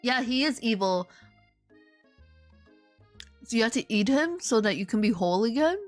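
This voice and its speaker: A woman's voice: on the high side, moderate pace, no echo, soft background music. A woman streamer playing a game live, joking and chatting animatedly with her viewers. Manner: animated, joking, talks to chat.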